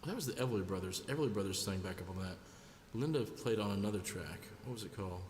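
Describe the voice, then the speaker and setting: A man's voice: on the low side, quick pace, darkish tone, slight background noise. A man hosting a live music stream, chatting casually and jokingly with viewers between songs and greeting them by name. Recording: roomy sound with long reverb. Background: guitar music.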